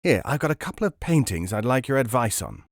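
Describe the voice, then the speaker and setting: Male narrator as a chummy, flattering stallholder, brisk. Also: mid-range voice, no room sound, studio quality.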